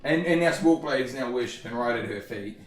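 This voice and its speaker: A man's voice: medium pitch, animated, a little fast. Rambling man running a tabletop game. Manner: rambling and hesitant, full of "sort of" and "like". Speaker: game master. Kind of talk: improvised tabletop narration. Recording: roomy, from far off.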